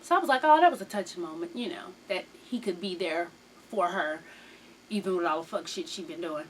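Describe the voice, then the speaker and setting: A woman's voice: lowish voice, animated, a little fast, a little hiss or hum. A woman recapping a reality show in a casual, sassy, profane gossip style, acting out the people in her story.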